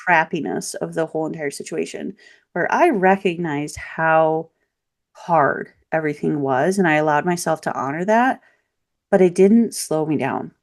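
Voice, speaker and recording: A woman guest on a podcast interview, telling a personal story in a lively, candid way. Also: sits low, normal speed. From Michiana region, US Midwest. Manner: lively, animated storytelling with laughs and voiced quotes. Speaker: podcast guest, local practitioner.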